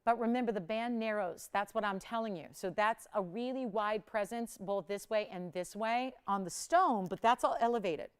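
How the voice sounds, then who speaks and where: A woman's voice: normal speed, hardly any pauses, clear, resonant tone. A woman hosting a live jewelry shopping auction, chatting casually with viewers and crew and laughing often. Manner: chatty, laughs often, lively swings in pitch and volume.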